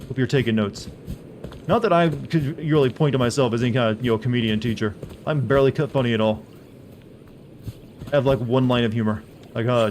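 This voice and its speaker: A man's voice: mid-range voice, fairly quick, darkish tone, slight background noise. A man streaming a game live, rambling and teasing as he answers his chat and reads menu text aloud.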